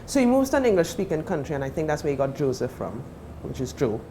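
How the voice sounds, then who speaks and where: A woman's voice: sits low, big pitch swings, fast, mellow, slight background noise. A Trinidadian woman telling stories as a guest in casual chat in a TV studio. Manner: chatty, storytelling.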